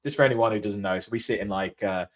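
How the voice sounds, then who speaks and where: A man's voice: fairly low pitch, fast talker. A man co-hosting a casual fan chat, telling rambling anecdotes in a chatty way. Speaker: fan channel co-host. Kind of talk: casual match-reaction chat.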